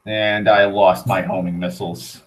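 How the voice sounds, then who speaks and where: A man's voice: sits low, little pitch movement, normal speed, low-quality recording. A young man giving let's play commentary, muttering and swearing as he plays. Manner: swearing, muttering reactions to the game. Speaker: gaming channel host.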